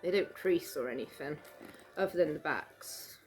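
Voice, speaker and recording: A woman's voice: deep voice, normal speed, darkish tone, soft background music. A British woman in a casual home video, talking through her handbag collection in a chatty, rambling way with fillers and small laughs. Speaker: vlogger. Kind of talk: casual show-and-tell chat. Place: home room.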